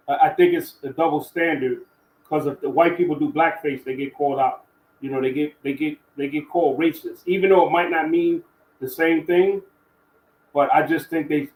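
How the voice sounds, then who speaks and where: A man's voice: fairly high pitch, darkish tone, reverberant, low-quality recording. A man co-hosting a casual podcast, speaking frankly and laid-back. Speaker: podcast co-host. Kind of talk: casual chat.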